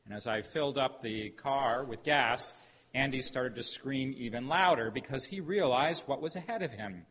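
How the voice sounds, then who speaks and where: A middle-aged man preaching a sermon as a pastor, telling a story with emphatic pauses. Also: medium pitch, a bit bright. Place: church sanctuary. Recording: hall reverb, faint background noise.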